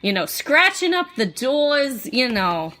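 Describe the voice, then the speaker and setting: A woman from New England co-hosting a podcast, telling spooky folklore in a relaxed, casual way with plenty of ums and uhs. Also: high-pitched, slow. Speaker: podcast co-host. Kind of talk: casual chat, storytelling folklore.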